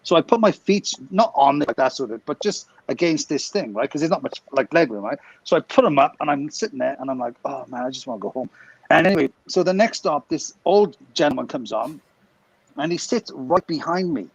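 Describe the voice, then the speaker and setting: A man, co-hosting a podcast, tells a funny story in a casual, animated way and laughs as he goes. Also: a little high, fairly quick, gravelly, slightly rough, dry recording, highs cut off. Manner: animated, laughs through his story, acts out quotes.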